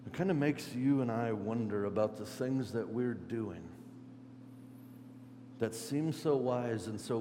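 Man preaching a sermon, mid-pitched, animated with loud emphasis, long echoey hall. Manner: animated, shifts between loud emphasis and quiet reflection. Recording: echoey hall with faint hum.

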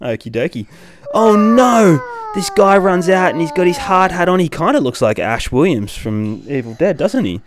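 Playful, animated dad reading aloud. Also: male voice, high voice, normal speed, heavy background noise. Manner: playful, sing-song storytelling with big reactions. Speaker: podcast host reading a comic to his child. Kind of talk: animated comic read-aloud.

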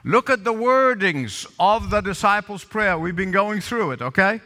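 A male pastor with a high-pitched voice and lively intonation preaches at a moderate pace, his delivery pushed and bright in the large hall of a balconied sanctuary. He repeats lines for emphasis and calls on the congregation to respond.

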